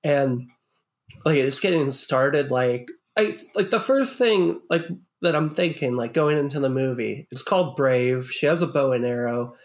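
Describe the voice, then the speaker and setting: A man's voice: medium pitch, lively intonation, unhurried. A man co-hosting a casual movie podcast, talking in a rambling way full of "like". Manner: rambling, heavy use of "like". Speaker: podcast co-host.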